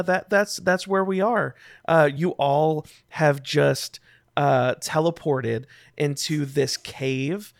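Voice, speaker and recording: A man running a tabletop game as game master, talking in a relaxed way with lots of fillers. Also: fairly high pitch, gravelly, no room sound, studio quality.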